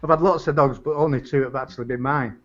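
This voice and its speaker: A man with a Salford accent co-hosting a casual live-stream chat, excitable and prone to jumping in on others. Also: mid-range voice, fast, dull audio. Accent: Salford, England. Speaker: co-host.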